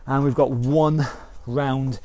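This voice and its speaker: A man's voice: mid-range voice, steady tone, slow, warm tone. A man with a British accent leading an online exercise class, counting down rounds and calling out moves with encouragement. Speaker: fitness instructor.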